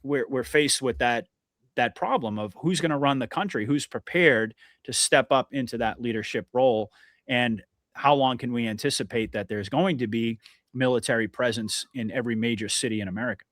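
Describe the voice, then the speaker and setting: A man's voice: medium pitch, moderate pace, a bit bright, no room sound, studio quality. A man hosting a podcast interview, talking in an earnest, emphatic way with many restarts. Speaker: podcast host. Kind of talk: casual conversational interview.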